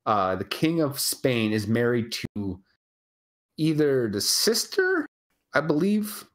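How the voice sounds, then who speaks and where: A podcast co-host in casual live chat, rambling and animated, swearing freely over a remote call mic. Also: medium pitch, slow pace.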